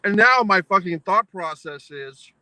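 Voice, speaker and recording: A man's voice: sits high, lively intonation, unhurried, bright, forceful tone, no room sound, low-quality recording. A man vlogging a foul-mouthed, exasperated anecdote, mock-philosophical as he spells out its lessons. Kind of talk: profane ranting anecdote to camera.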